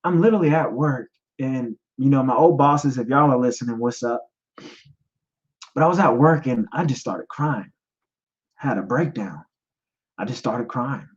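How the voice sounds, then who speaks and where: A man in his thirties speaks in a medium voice, telling his own story as a podcast host. He is choked up and near tears, pausing and repeating himself as he talks. The recording is slightly dull and lo-fi. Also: mid-range voice. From United States. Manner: emotional, halting, repeats himself, gets choked up. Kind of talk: personal testimony, live stream talk.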